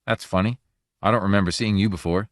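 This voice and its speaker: A man's voice: fairly low pitch, steady tone, fast, no room sound, studio quality, close to an everyday voice. A male reader voicing a blunt, puzzled young man from a small town. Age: young adult.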